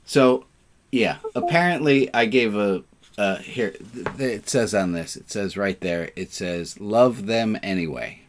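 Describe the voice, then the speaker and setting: A man's voice: on the low side, unhurried, slight background noise. A man leading an online service as rabbi, casual and playful, fond of puns, on a video call.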